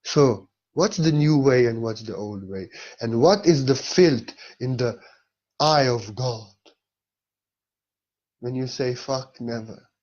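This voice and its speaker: A man's voice: medium pitch, slow pace, long pauses, darkish tone, dull audio. A man speaking as a spiritual teacher in a blunt, emphatic monologue, with non-native phrasing and frequent swearing.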